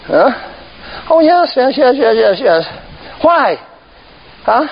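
High-voiced teasing male preacher, lo-fi. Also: lively intonation, slow pace, pauses often. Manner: call-and-response, repeated "huh?", teasing and emphatic. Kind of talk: sermon. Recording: dull lo-fi church recording.

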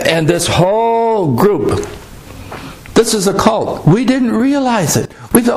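Rambling older man with a gravelly voice. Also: high-pitched, animated, a little mellow, rough recording. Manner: rambling, halting, with restarts and hesitations. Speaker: storyteller recounting a trip. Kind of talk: casual spoken recollection.

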